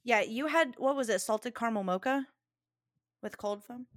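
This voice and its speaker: A woman co-hosting a casual podcast chat, talkative and quick to laugh. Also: on the high side, no echo, clean studio sound. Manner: chatty, laughs often. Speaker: podcast co-host.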